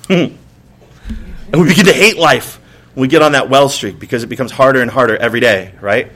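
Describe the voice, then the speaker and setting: Man, pastor, casual sermon, slightly high voice, rhetorical questions, sudden shouted bits. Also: brisk. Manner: conversational, acts out exasperated outbursts; frequent rhetorical "right?" and repeated words. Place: church.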